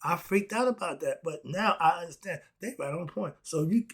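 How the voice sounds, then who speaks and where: Man, husky and slightly high-pitched, emphatic casual lecturer. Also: animated, moderate pace, a bit bright. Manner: emphatic, repetitive rhetorical questions, laughs often. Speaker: philosophy vlogger. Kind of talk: casual preaching monologue.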